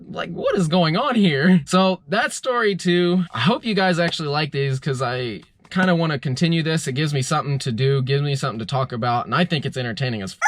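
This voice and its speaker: A man's voice: on the high side, a bit bright, slight background noise. A young man casually retelling a strange dream as a vlogger, rambling with lots of fillers. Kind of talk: casual storytelling.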